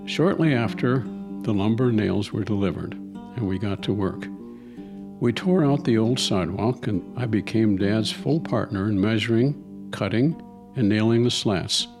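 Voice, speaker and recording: A man in his nineties from Wisconsin, reading a personal memoir aloud in a steady, reflective way. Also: fairly low pitch, vocal fry. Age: 90s. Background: soft guitar music.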